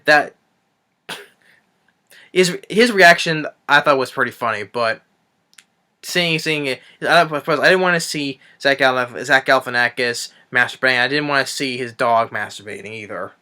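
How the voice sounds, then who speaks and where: A man's voice: mid-range voice, normal speed, bright, forceful tone. A man recapping a movie in a casual review, rambling with frequent restarts and swearing.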